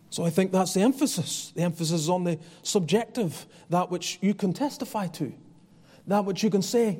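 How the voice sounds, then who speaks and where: A man's voice: high-pitched, normal speed, darkish tone, in a large hall. A man preaching a sermon as pastor, earnest and conversational, often restarting his phrases. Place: church.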